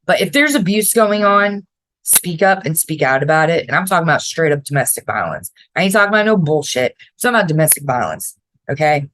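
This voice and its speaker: A woman's voice: low voice, big pitch swings, fairly quick, a bit bright, no echo, low-quality recording. A woman from Florida with a mix of New York and Southern accent, hosting a casual advice podcast in a blunt, direct way and swearing freely. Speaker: podcast host.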